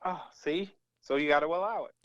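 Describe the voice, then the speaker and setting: A man's voice: a little high, a little fast, dry recording. A man playing a comedic game show over a phone call, bluffing and joking with mock indignation and some swearing. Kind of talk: casual comedic banter.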